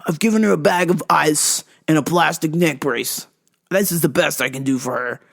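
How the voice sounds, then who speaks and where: A woman's voice: low voice, moderate pace, creaky. Woman mimicking a flustered defensive male medic. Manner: hesitant, defensive.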